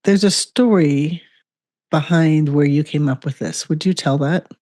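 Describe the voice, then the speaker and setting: A podcast host asking thoughtful, halting questions. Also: mid-range voice, darkish tone, dry recording, studio quality. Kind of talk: interview questions.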